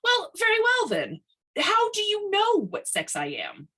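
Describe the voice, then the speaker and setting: A woman voicing a proud young female electronics engineer, speaking high and crisp with indignation. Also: very animated, moderate pace, pushed and bright, heavily acted. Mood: indignant.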